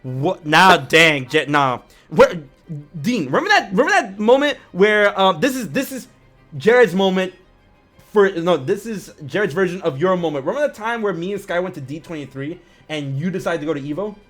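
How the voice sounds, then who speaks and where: Podcast host, man: fairly high voice, excitable, slangy, laughs a lot. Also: normal speed, faint music behind. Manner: excitable, laughs often, lots of fillers like "yo". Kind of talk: casual podcast chat.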